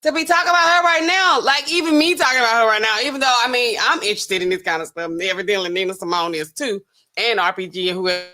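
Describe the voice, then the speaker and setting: A woman's voice: fairly high pitch, quick pace, sharp tone. A woman hosting a casual livestream as a pharmacist, chatting with her viewers in a sassy, incredulous way. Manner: chatty, sassy, talks to chat, laughs incredulously.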